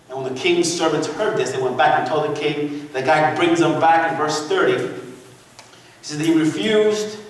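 Man, pastor, high voice, animated sermon storytelling, call-and-response, long church reverb, distant mic. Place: church sanctuary. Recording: echoey church hall from far off.

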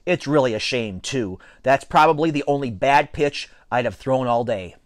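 An anxious, indignant young boy from a storybook who protests everything in a whiny voice, played by a man reading aloud. His pitch jumps around wildly. The recording is dry. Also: expressive, normal speed, no room sound, natural voice. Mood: mock-sorry.

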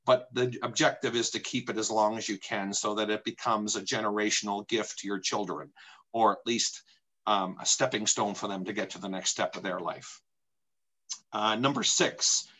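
A middle-aged man from Canada speaks as a real estate agent in a webinar. His voice sits at an ordinary middle pitch. He talks in an opinionated, emphatic way, asking himself rhetorical questions and repeating his key points. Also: a bit bright, low-quality recording. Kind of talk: presentation talk.

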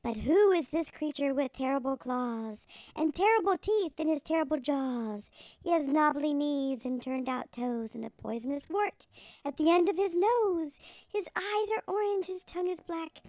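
A woman reading a children's picture book aloud in an animated, sing-song way. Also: high voice, normal speed, no room sound. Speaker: storybook reader. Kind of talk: children's story read-aloud.

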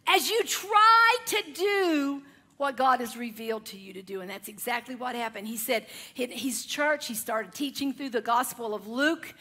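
A woman preacher telling a story in a sermon, animated and with laughing asides. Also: fairly high pitch, moderate pace.

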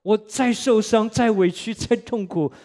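A man preaching a church sermon in short, earnest, repeated phrases, pausing for an interpreter. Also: high voice, a little mellow.

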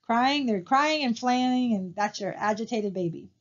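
A woman with a fairly high voice records a lecture over her slides. She talks in a conversational way and often stops to ask her students rhetorical questions. The recording sounds somewhat dull and lo-fi. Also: expressive, normal speed. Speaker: college instructor.

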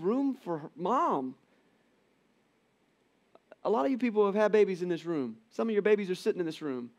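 A middle-aged man giving a conversational church sermon, telling the story with animated quoted voices. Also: high-pitched, moderate pace, long pauses. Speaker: pastor. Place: church auditorium.

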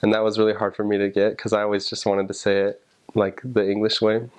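A man's voice: fairly low pitch, quick pace. A young man, a returned missionary, casually explaining Japanese grammar and pronunciation with lots of examples. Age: young adult. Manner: relaxed, thinking aloud with fillers and examples.

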